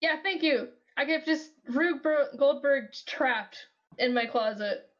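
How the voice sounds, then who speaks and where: A woman's voice: high-pitched, takes it slowly, fairly bright tone, dull audio. A woman guest chatting casually on a podcast, rambling and swearing freely as she answers questions. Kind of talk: casual chat.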